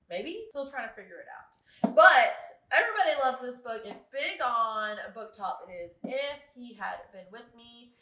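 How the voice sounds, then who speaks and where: A young woman talks casually to her camera about books she has read, rambling along with fillers and little laughs. Her voice is bright and sits a bit high. The room around her is echoey. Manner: chatty, rambling, with frequent laughs and filler words. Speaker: book vlogger.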